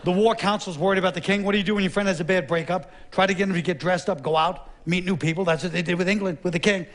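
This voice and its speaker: Wry, high-voiced man doing stand-up. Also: fairly even intonation, quick pace, fairly bright tone. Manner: wry, sardonic, conversational. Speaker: stand-up comedian. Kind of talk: stand-up comedy routine. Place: stage before a laughing audience.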